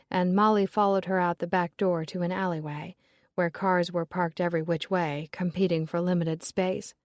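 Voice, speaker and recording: A woman narrating a cozy mystery novel in an even, measured storytelling voice. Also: lowish voice, no echo, clean studio sound. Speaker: audiobook narrator. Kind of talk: scripted narration.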